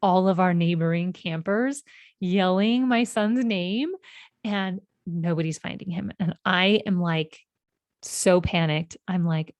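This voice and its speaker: A woman in her thirties hosts a podcast, sharing a personal story in a casual, emotional way with lots of fillers. Her voice is lowish and slow, with no echo.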